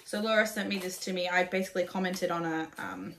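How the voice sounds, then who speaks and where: A chatty Australian woman hosts a knitting podcast in a relaxed, casual way. She swears freely, pokes fun at herself and laughs often. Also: fairly low pitch, fast, gravelly, slight background noise. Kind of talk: casual chat.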